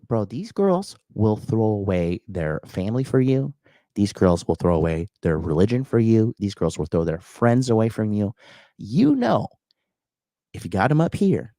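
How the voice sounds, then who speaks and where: Crude, animated man ranting solo. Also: no room sound. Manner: crude, profane and mocking, with lots of filler; mocks critics in a high whiny put-on voice. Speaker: podcast host. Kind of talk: solo podcast rant.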